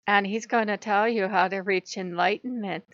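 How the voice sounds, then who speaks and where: A woman putting on the voice of a creepy, soft-spoken male cannibal psychiatrist, speaking slowly and menacingly. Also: mid-range voice, steady tone, no echo, dull audio, natural voice.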